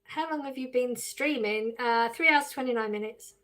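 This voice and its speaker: A woman's voice: a little high, moderate pace, a bit bright. An English woman live streaming, reading viewers' questions aloud and answering them casually with frequent laughs. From England. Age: adult with children.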